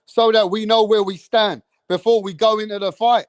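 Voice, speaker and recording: A man hosting a live boxing stream, talking in a streetwise, slang-heavy way and keeping up a steady chat straight to the viewers. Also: high-pitched, moderate pace, dry recording. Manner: streetwise, slang-heavy, keeps saying bro and bruv. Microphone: streaming setup mic.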